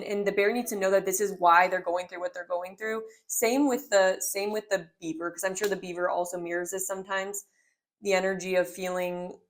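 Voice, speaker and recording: A young woman in her twenties talks through a tarot spread. Her delivery is loose and rambling, full of "like" and "um", and heartfelt. She sounds like someone chatting to viewers. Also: mid-range voice. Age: 20s. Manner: rambling and heartfelt, many filler "like"s. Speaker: tarot reader. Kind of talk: casual spoken tarot reading.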